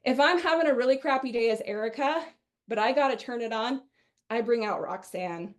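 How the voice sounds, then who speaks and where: A middle-aged woman from Wisconsin giving a chatty, energetic sales training webinar, often acting out what customers say. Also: fairly high pitch, fairly quick.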